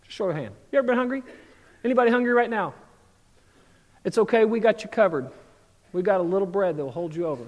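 High-voiced preacher in a reverberant church. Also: male voice, expressive, fast talker, pauses often, highs cut off. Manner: preaching with big swings between loud and hushed delivery. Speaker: pastor. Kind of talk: sermon. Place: church sanctuary.

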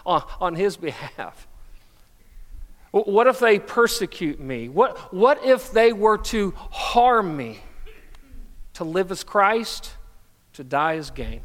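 A man's voice: high voice, a bit bright, big-room sound. A middle-aged male pastor preaching a sermon, telling stories with self-deprecating humor. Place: church sanctuary.

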